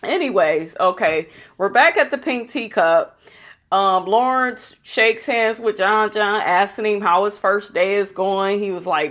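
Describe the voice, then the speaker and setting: A woman's voice: mid-range voice, unhurried, fairly bright tone. Blunt, gossipy woman recapping a show. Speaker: vlogger recapping a reality show. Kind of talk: casual recap commentary.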